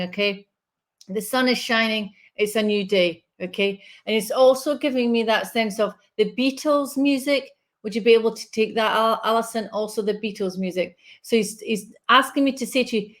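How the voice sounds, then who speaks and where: A woman's voice: mid-range voice, moderate pace. Woman, spiritual medium, soothing live reading, reassuring check-ins.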